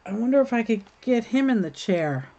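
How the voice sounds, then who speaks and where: A woman's voice: fairly high pitch, expressive, a little fast, warm tone, muffled recording. A woman hosting a crafting livestream, chatting casually and thinking aloud while she works, reading comments and laughing at them. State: hiccups.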